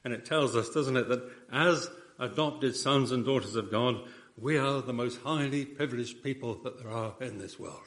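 A man's voice: medium pitch, normal speed, a bit bright. A man preaching a sermon in an earnest, emphatic way, often repeating phrases for weight.

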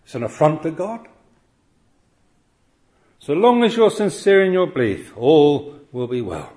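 A man's voice: a little high, sing-song, a little slow, warm tone. A man preaching a sermon, earnest and emphatic, often pressing his point with rhetorical questions.

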